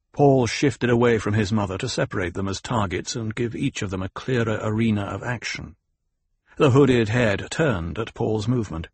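A man narrating a novel in a steady, even storytelling manner. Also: medium pitch, vocal fry, breathy edge, no echo. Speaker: audiobook narrator. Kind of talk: scripted narration.

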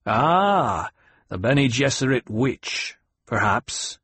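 Man doing a shrewd smuggler boss, a touch higher than his narration, husky and dry. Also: very animated, drawn-out words, fairly bright tone, dry recording, full character voice. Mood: guarded. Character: shrewd cautious male smuggler chief.

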